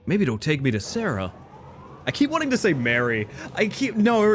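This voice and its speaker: An Australian man streaming a horror game, chatting with viewers in a playful, rambling, self-mocking way that swings between goofy and deadpan. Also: fairly high pitch, moderate pace, slight background noise. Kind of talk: casual live-stream commentary.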